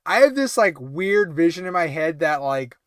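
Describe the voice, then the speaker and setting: A man's voice: fairly high pitch, sing-song, normal speed, clean tone, dry recording, clean studio sound. A tired man hosting a late-night livestream about toy collecting, chatting casually and rambling with lots of fillers and restarts.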